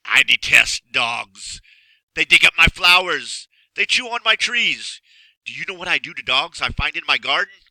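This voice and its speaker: A man doing a haughty old magician for a storybook reading: a loud, growling boom that lingers over each word with cruel relish. The tone is bright and sharp, and it sounds close and dry. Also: lively intonation, no echo, exaggerated voice, poor audio. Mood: booming menace. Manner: booming, growling, slow and gloating.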